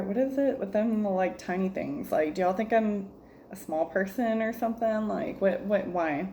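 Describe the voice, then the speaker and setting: A woman's voice: fairly low pitch, dark tone, slight background noise. A woman reviewing a jewelry subscription in a casual vlog, joking, exasperated, laughing often and calling her viewers y'all.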